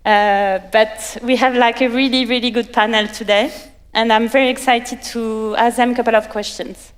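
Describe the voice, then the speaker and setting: French-accented woman hosting a panel, kinda high smooth voice, friendly, bit halting, big echoey hall. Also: steady tone. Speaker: panel moderator. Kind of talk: conference panel moderation. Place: conference stage. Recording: reverberant conference hall.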